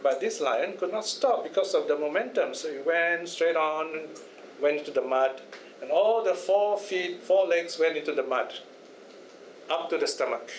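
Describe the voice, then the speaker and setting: A man's voice: a little high, lively intonation, moderate pace. A Buddhist teacher telling a fable to a study class, chatty and often checking in with his listeners. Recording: echoey room, faint noise.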